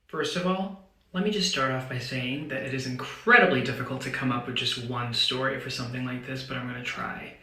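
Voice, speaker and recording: A man from India, telling a story to camera in a wry, deadpan way. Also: medium pitch, brisk, reverberant, poor audio.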